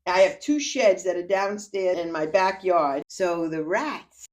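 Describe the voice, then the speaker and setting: A woman's voice: on the low side, measured pace, a crowd in the background. An older woman, a grandmother, chatting at home and telling boastful, funny stories with lots of laughter. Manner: lively, boastful storyteller who laughs often. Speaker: podcast guest grandmother. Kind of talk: casual chat.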